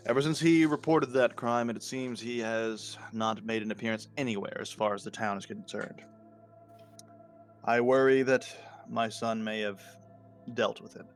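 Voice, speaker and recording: A man voicing a solemn, formal river king in a tabletop game, speaking in a measured, hesitant way. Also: mid-range voice, soft background music, lightly acted. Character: solemn middle-aged human river king.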